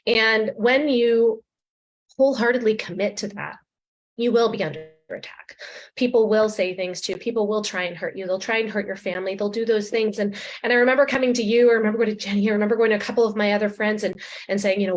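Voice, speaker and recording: A woman's voice: fairly high pitch, a little fast. A woman hosting a podcast, talking in an emotional, heartfelt and encouraging way. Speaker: podcast host. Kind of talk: heartfelt conversation.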